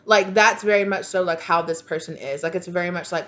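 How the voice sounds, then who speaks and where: A woman's voice: lowish voice, fairly even intonation, a little fast, hardly any pauses, sharp tone, faint music behind. A woman giving a casual, rambling channeled tarot reading, full of "like" and "okay". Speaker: tarot reader.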